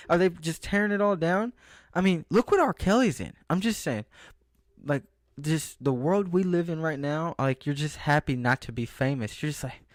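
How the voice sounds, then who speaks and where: A man's voice: on the high side, no room sound, studio quality. A young man rambling through a casual vlog monologue, often losing his train of thought and breaking off mid-sentence. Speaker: vlogger.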